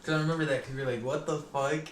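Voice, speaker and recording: A man's voice: a little high, fairly even intonation, racing, crowd noise. A young man casually swapping old stories on a podcast, laughing often, slangy and profane. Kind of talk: casual storytelling chat. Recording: echoey room with faint noise.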